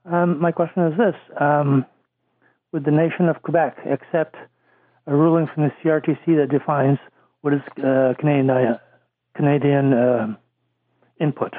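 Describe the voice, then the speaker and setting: A man's voice: a little high, steady tone, moderate pace, pauses often, no echo. A man calling in to a radio show to ask a question, hesitating often with fillers. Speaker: caller. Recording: phone-line audio.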